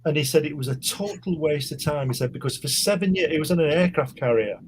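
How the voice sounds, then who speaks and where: Man, rambling anecdote-teller, slightly higher voice, laughs a lot. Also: fast talker, a little hiss or hum. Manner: rambling, repeats words, laughs often. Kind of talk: casual storytelling chat.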